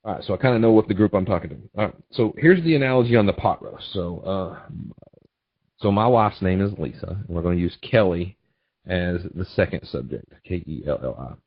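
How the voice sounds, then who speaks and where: A man's voice: deep voice, lively intonation, fairly quick, slightly rough, no room sound, highs cut off. A male trading educator giving a webinar, teaching through folksy stories with repeated check-ins. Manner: folksy storytelling, repetitive asides. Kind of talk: webinar presentation.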